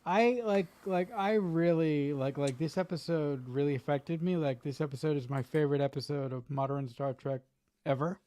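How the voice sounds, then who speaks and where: A man's voice: a little high, moderate pace, warm tone. A man talking earnestly and thoughtfully in a casual chat, with many fillers. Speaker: podcast guest.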